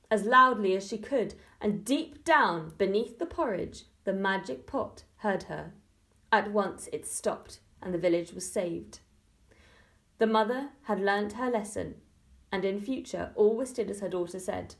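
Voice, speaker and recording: A woman, an early-years teacher, reading a storybook aloud to young children slowly and expressively. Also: medium pitch. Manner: slow, expressive and clear.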